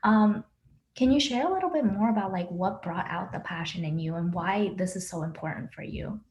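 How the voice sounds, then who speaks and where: A woman's voice: medium pitch, brisk, darkish tone, reverberant, dull audio, slight background noise. A woman hosting a podcast interview, chatting casually and gushing with enthusiasm. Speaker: podcast host.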